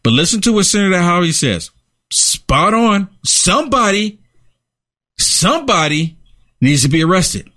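A man's voice: high voice, sing-song, a little slow, bright, forceful tone. A man hosting a political talk show, speaking emphatically and repeating phrases to drive a point home. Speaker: show host and political commentator. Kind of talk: opinionated commentary chat.

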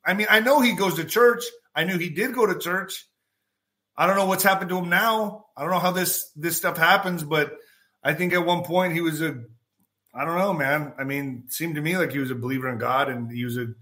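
A man hosting a podcast, telling a casual story in an animated way, acting out the quotes and swearing freely. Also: on the high side. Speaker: podcast host.

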